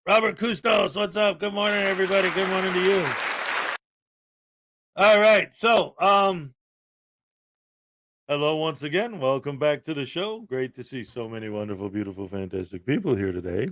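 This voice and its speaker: A man's voice: on the high side, moderate pace, some chatter behind. A man hosting a livestream from his home desk, chatting casually, joking and reading out viewer donations. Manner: playful, joking, sometimes shouting excitedly. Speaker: livestream host. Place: small crammed home desk setup.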